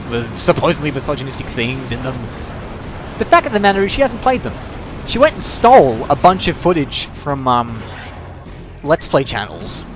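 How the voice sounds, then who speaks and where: A young man doing let's-play commentary, rambling and opinionated, swearing freely and restarting his sentences often. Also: a little high. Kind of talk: gameplay commentary rant. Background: game music.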